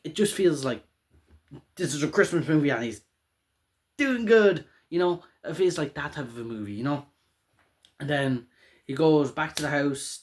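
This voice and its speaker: A young man hosting his own show, talking casually about a film in a loose, rambling way full of fillers and restarts. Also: mid-range voice. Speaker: show host reviewing a film. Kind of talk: casual monologue.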